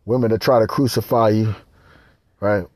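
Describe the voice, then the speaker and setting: A man's voice: lowish voice, moderate pace, dry recording. A man hosting a podcast, ranting in a crude, rambling comic monologue. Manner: crude, rambling, animated, slips into voices. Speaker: podcast host. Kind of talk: profane comic rant.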